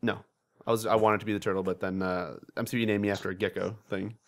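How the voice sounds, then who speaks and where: A young man hosting a casual gaming podcast, telling animated stories with lots of swearing and laughter. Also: lowish voice. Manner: fast, animated storytelling with frequent swearing and laughter. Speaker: podcast host.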